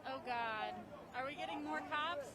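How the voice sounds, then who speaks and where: A woman's voice: sits high, normal speed. A woman co-reporting live from a street protest, emphatic and agreeing. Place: outdoor city street protest. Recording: live outdoor stream amid a loud crowd. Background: loud crowd.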